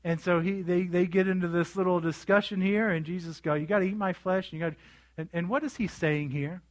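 A high-pitched male pastor delivers his sermon, acting out the scenes he retells. He keeps asking his congregation questions as he goes. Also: a little fast. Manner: animated storytelling with quoted voices, asking the congregation.

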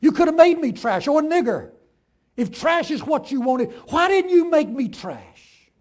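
A man voicing a proud, self-righteous older farm woman who rails at God, with a husky voice. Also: very high-pitched, big pitch swings, a little fast, pitched above the performer's own voice, heavily acted. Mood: furious railing. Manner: fervent, shouting at God in rising fury.

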